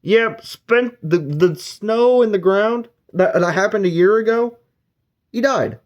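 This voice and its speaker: A man's voice: high-pitched, slow pace, highs cut off. A man giving a casual, rambling spoken book review, retelling the plot and briefly acting out characters' lines. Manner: rambling plot recap with filler words.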